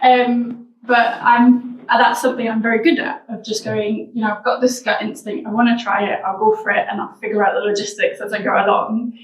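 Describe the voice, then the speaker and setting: Female interview guest, thoughtful and searching, slightly high voice, recorded in an echoey room. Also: little pitch movement, a little fast, few pauses. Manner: reflective, searching for words as she talks. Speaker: guest, founder of a wellbeing social enterprise. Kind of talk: casual interview chat. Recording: roomy sound, mic at a distance.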